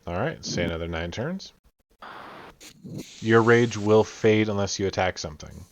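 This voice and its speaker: Low-voiced man running a tabletop game. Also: moderate pace. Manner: describes scenes at length, with frequent fillers. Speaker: game master. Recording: dull lo-fi audio.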